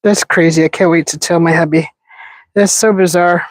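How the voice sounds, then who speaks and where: A woman's voice: fairly low pitch, steady tone, moderate pace, no room sound, low-quality recording. Chatty giggly woman, dry close sound. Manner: chatty, giggly, restarts often. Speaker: livestream host. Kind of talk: casual live chat with viewers. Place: outdoors in a desert yard.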